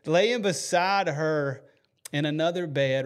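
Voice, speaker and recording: On his faith podcast, a US host speaks at a normal speed in a voice on the high side. He recounts a story earnestly and with feeling, often using fillers and starting over.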